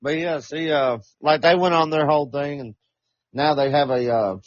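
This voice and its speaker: A man co-hosting a podcast, talking casually in halting, hedging phrases full of fillers. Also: on the high side, no echo. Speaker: podcast co-host. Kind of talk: casual chat. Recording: dull lo-fi dry recording.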